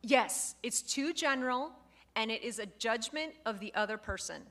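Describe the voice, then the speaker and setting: A woman instructor giving a lively lecture to a live class, acting out example phrases as she goes. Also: on the high side, moderate pace. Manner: lively, expressive, acts out quoted phrases.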